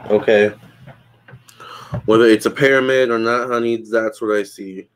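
A man's voice: on the low side, steady tone, moderate pace, clear, resonant tone. Man giving a live psychic reading. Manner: hedging, talks straight to viewers, reads out chat questions. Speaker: livestream psychic tarot reader. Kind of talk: casual live-stream chat.

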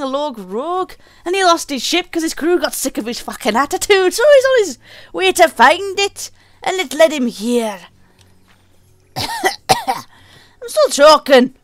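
A woman talks over her gameplay in a high voice, cursing freely and chatting to viewers. Her delivery swoops up and down, with a playful mock pirate lilt. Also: a bit bright, no room sound. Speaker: gaming channel host. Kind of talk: let's play commentary.

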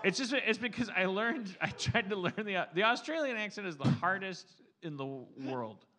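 A man's voice: sits high, animated, moderate pace, bright, forceful tone, slight background noise. A man hosting a live comedy podcast on stage, rambling and stammering playfully through his banter. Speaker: podcast host. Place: live theater stage with audience.

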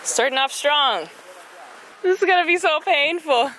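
A woman's voice: sits high, animated, unhurried, sharp tone. A young woman vlogging a hike on a mountain trail outdoors, bubbly and playful, a little out of breath, talking into a handheld camera. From United States. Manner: bubbly, playful, laughs often. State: out of breath from hiking. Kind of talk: casual vlog narration.

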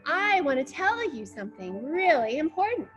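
A woman voicing a nice older gentleman boasting about his daughter in a children's story. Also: high voice, big pitch swings, moderate pace, music in the background. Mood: eager.

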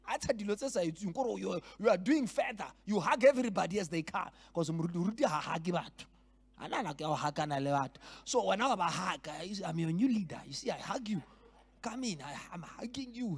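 Animated preacher man. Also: sits high, breathy edge. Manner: animated, switches between languages, acts out scenes. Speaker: pastor leading a leadership workshop. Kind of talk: lively church teaching. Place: church hall.

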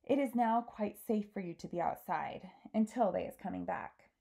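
A woman voicing a big, gentle male giant who speaks in mangled, made-up grammar, reading aloud from a storybook. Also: medium pitch, normal speed, creaky. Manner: gentle, ungrammatical, invents odd words.

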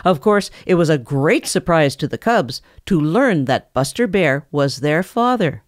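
A woman narrating a children's animal storybook aloud, gently putting on the characters. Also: low voice, expressive, measured pace, dry recording, studio quality. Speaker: audiobook narrator.

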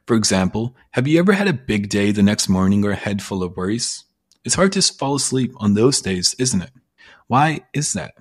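A man's voice: lowish voice, sing-song, fairly quick, breathy edge. A man giving a blunt, persuasive self-help monologue in a casual, emphatic way, with frequent swearing. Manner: blunt, casual, sprinkled with profanity. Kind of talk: motivational monologue.

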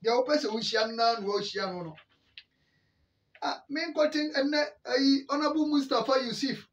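A high-voiced Ghanaian man talks animatedly as a sports show host, slipping between Twi and English and hammering his points home by repeating words. He sits back from the microphone, so the room echoes around him and the sound comes through dull and muffled. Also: distant mic. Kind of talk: animated commentary.

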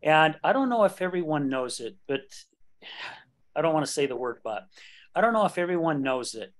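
A man in his late fifties hosts a podcast in a fairly high, sing-song voice at a brisk clip. He talks candidly in casual conversation, joking and laughing often.

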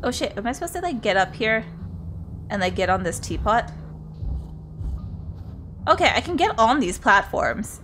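A woman's voice: a little high, very animated, normal speed, long pauses, fairly bright tone, a little hiss or hum. A woman streaming a video game, chatting to herself and her viewers and swearing often as she plays. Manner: chatty, swears a lot, talks to herself and chat. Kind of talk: casual gameplay commentary.

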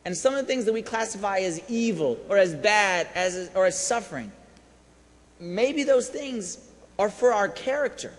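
Priest giving a lively, high-pitched sermon with long church reverb. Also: male voice, moderate pace. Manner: animated storytelling, swinging from hushed to shouting.

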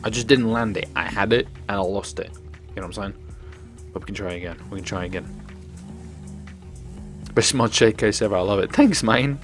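A young man giving excitable live commentary on his gameplay stream, joking with chat and swearing. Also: fairly low pitch, moderate pace, long pauses, music in the background. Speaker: gaming streamer.

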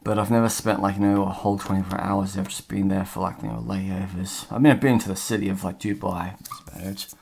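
A man's voice: deep voice, steady tone, brisk, vocal fry, few pauses, darkish tone, slight background noise. A man vlogging casually as he scratches off a map, rambling and chatty with lots of fillers. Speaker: travel vlogger.

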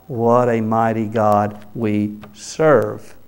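A male pastor preaching a sermon in church, swinging between loud emphatic bursts and soft hushed phrases. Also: lowish voice, flat delivery, drawn-out words, smooth. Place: church sanctuary.

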